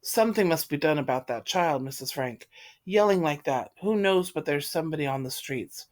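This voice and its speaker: A woman reading the part of an irritable, fussy middle-aged man in a play read aloud, in a sharp, scolding voice. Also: low voice, lively intonation, moderate pace. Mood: complaining. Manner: sharp, scolding, loud complaints.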